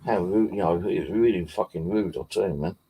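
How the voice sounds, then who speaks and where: Man, low husky voice, dark tone, casual sweary storytelling. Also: brisk. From Bexley, southeast London. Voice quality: deep gravelly husky voice. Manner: heavy swearing, rambling with fillers. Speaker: paranormal vlogger. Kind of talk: casual rambling anecdote.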